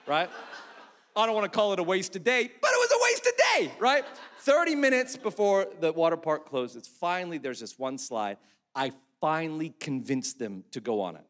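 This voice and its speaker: A male pastor, likely in his thirties or forties, telling a funny family story in a sermon with animated, self-mocking humor. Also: fairly high pitch, moderate pace. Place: church hall. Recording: echoey church hall.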